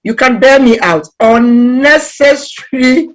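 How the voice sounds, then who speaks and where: Animated woman telling stories, fairly high voice. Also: unhurried. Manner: animated storytelling, acts out quoted voices. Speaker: relationship talk guest speaker. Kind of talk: conversational talk on relationships.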